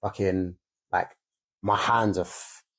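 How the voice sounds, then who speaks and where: A man's voice: low voice, steady tone, slow. A young man, co-hosting a candid podcast about fatherhood and swearing freely as he talks. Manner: swears freely, re-enacts scenes loudly. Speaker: podcast co-host.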